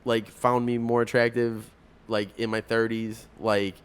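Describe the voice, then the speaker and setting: A man's voice: mid-range voice, little pitch movement, unhurried, smooth. A man in his thirties hosting a podcast, talking frankly in a casual, rambling way, full of "like" and restarts. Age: 30s. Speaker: podcast host. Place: coffee house.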